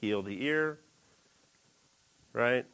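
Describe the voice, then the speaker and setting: A man preaching a sermon in a lively, animated way, jumping into character voices for quoted lines. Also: very slow, smooth. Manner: animated, acts out quoted lines with big pitch jumps.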